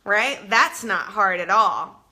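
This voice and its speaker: A woman's voice: mid-range voice, animated, takes it slowly, bright, forceful tone. A woman hosting a casual live stream, chatting upbeat with viewers while she walks from her home out to her backyard garden. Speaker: host.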